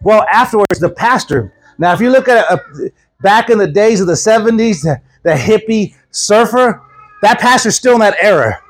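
Husky-voiced Texan preacher. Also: male voice, high-pitched, expressive, moderate pace, low-quality recording. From Texas. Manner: folksy storytelling, repeats words often. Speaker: traveling preacher. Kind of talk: informal sermon. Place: church gathering.

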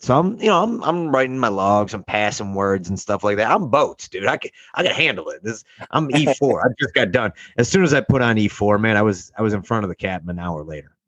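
Young guy swearing thru a rambling story, lowish voice, bit muffled and dry. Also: expressive, brisk, few pauses, a bit bright, no room sound. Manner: profane, rambling, acts out quoted voices. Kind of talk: casual storytelling.

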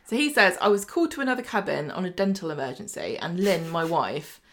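A woman's voice: on the low side, big pitch swings, fast talker, fairly bright tone. A woman co-hosting a casual chat show, recapping episodes in a chatty way and often laughing. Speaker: podcast co-host recapping a soap.

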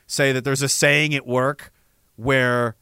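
Sardonic, swearing man, bright voice. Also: medium pitch, level tone, takes it slowly, clean tone, no room sound, studio quality. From Canada. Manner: rambling, profane, sardonic. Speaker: livestream host. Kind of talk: casual livestream chat reading viewer messages.

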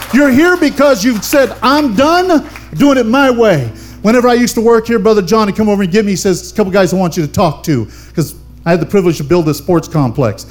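An older man, a pastor, preaching a fervent sermon and calling on the congregation for amens. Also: sits high. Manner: fervent preaching with call-and-response.

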